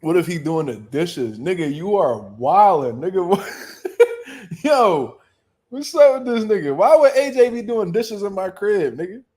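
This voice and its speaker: Young philly dude hosting a boxing stream, kinda high voice, loud jokey trash talk. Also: male voice, very animated, moderate pace. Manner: loud joking banter, bursts of laughter, profane slang. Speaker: boxing show host. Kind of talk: casual chat reacting to live chat.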